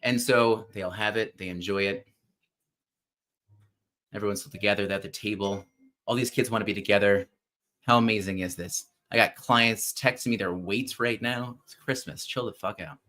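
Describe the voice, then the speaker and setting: A man's voice: lowish voice, normal speed. Chatty man hosting a live show. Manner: animated and chatty, with offhand swearing. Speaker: podcast host. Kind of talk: casual livestream talk retelling a story.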